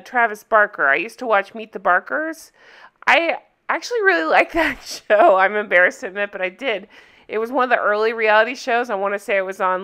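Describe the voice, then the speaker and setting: Woman host, reaction commentary, bright voice, a touch high, incredulous and wry. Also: smooth. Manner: sarcastic, incredulous. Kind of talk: casual commentary.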